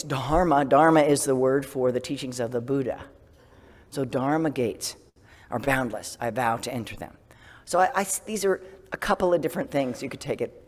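A man giving a casual sermon as a Zen priest, self-deprecating and laughing often, dropping to a soft whisper for gentle self-talk. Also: medium pitch, big-room sound.

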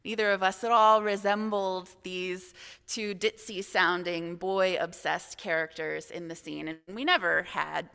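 Young woman, assistant minister; bright tone, reverberant hall. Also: fairly low pitch, steady tone, measured pace, vocal fry, smooth. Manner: candid storytelling, self-deprecating. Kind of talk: sermon reflection.

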